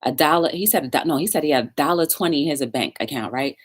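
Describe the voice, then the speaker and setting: A woman's voice: low-pitched, fast, husky. A woman hosting a talk show, telling a story in a casual livestream chat and talking straight to her viewers. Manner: chatty, animated, talks straight to viewers.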